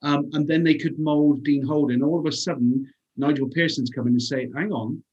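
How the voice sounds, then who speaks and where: A man's voice: a little high, steady tone, brisk, a little mellow, breathy edge, muffled recording. A man giving thoughtful opinions on football in casual chat, with frequent ums. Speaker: football show pundit.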